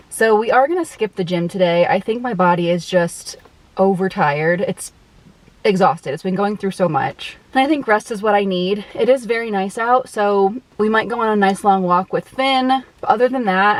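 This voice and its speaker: A woman's voice: medium pitch, low-quality recording. A woman, a dietitian, chatting casually to her viewers in a day-in-the-life vlog. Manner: chatty, talks straight to viewers. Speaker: outpatient dietitian vlogger.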